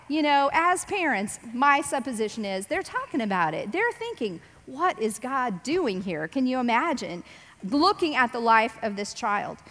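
A woman giving a casual, animated Bible teaching on parenting, acting out voices as she quotes. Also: high-pitched. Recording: long reverb.

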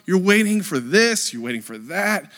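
A man in his thirties, a pastor, giving a lively, joking live sermon to his congregation, with lots of fillers and restarts. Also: high-pitched, moderate pace. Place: church sanctuary with a congregation. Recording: long reverb of a church hall.

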